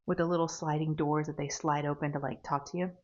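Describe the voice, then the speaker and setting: A woman's voice: deep voice, fairly even intonation, fast talker, a little mellow, dull audio. A woman chatting casually while she crafts, rambling and laughing at herself. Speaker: diamond painting crafter.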